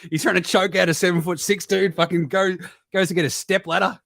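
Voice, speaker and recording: An Australian man hosting a basketball stream, talking in a sweary, animated way that jumps into mocking voices and sudden shouts. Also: high voice, fairly quick, gravelly, no echo, studio quality. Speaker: basketball podcast host. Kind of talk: profane casual live-stream commentary.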